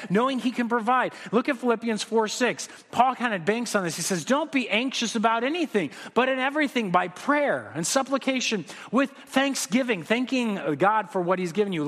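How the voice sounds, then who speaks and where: Male pastor, conversational sermon, high voice, reverberant sanctuary. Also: a bit bright. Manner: conversational, acts out his kids' voices. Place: church sanctuary. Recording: long reverb of a church hall.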